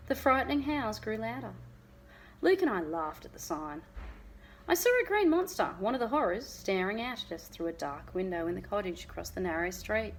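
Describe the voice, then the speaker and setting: A woman teacher reading a novel aloud to her class in an expressive storytelling voice. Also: mid-range voice, moderate pace, a little hiss or hum.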